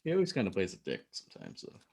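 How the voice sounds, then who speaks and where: A man's voice: low-pitched, wildly swooping pitch, fast, vocal fry, darkish tone. A man co-hosting a podcast, chatting in a laid-back way and giving blunt opinions. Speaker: podcast co-host. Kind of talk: casual chat.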